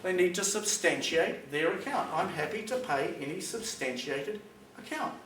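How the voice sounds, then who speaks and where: A New Zealand-accented public speaker with a high-pitched, animated, fairly bright voice talks at a normal speed to an audience in a school hall. He speaks plainly and emphatically and acts out phone calls. Distant recording, echoey hall, and background noise.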